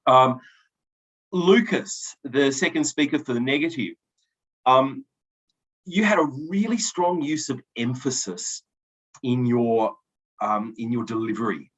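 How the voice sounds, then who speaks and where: Adjudicating a debate final in an event hall, a man with a medium-pitched, animated voice speaks unhurriedly with long pauses. He gives each speaker encouraging feedback and announces results, with frequent ums and restarts, on a dull lo-fi recording.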